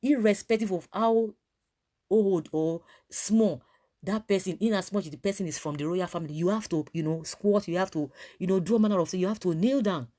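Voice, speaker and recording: A woman's voice: mid-range voice, brisk, warm tone. Rambling woman with a Nigerian accent. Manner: rambling, many fillers and restarts. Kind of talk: casual opinion talk.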